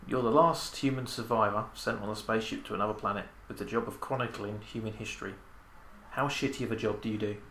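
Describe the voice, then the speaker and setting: A man's voice: lowish voice, fairly even intonation, fast talker, bright, forceful tone. A man hosting a podcast in casual chat, teasing and dry with crude banter. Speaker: podcast host. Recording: echoey noisy room.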